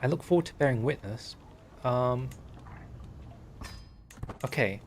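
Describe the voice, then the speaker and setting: A man's voice: mid-range voice, lively intonation, takes it slowly, a little hiss or hum. A young man streaming and talking over a strategy game, chatty and wry, reading in-game text aloud. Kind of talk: game livestream commentary.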